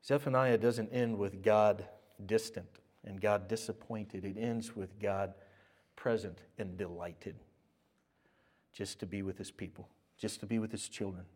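A male pastor preaching a sermon, swinging from loud, exclaimed lines to quiet, intimate speech. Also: on the low side, steady tone, a little slow.

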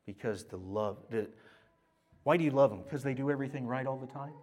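Animated man preaching a sermon. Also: medium pitch, a little fast. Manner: animated, swinging from loud exclaiming to quiet, intimate speech. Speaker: pastor.

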